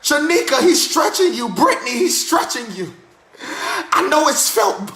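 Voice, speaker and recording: A man pastor preaching a sermon, shouting and half-singing his lines, often crying out to God between phrases. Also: very high-pitched, sing-song, moderate pace, echoey room, a little hiss or hum. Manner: shouting, sing-song preaching with cries of "help me, God".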